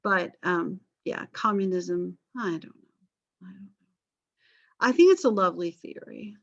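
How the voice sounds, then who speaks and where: A woman's voice: fairly low pitch, a little slow, gravelly, no room sound. A middle-aged woman teaching a history class, chatty and rambling with self-deprecating asides. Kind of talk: recorded class lecture. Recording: dry, slightly dull lecture recording.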